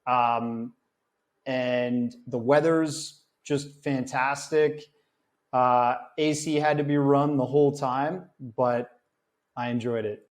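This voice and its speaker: A documentary filmmaker chatting casually in an interview, acting out dialogue with lots of fillers. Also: male voice, mid-range voice, takes it slowly. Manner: animated storyteller, acts out dialogue, many fillers.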